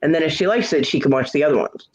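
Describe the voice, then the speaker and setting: A woman hosting a casual live stream hangout, chatting in an animated way and laughing often. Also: low voice, very fast, poor audio. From United States. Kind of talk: casual chat.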